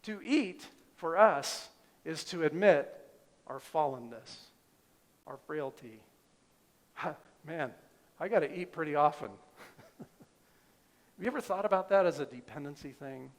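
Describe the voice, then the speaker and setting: A middle-aged male pastor preaching a sermon, emphatic, asking the congregation rhetorical questions. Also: medium pitch.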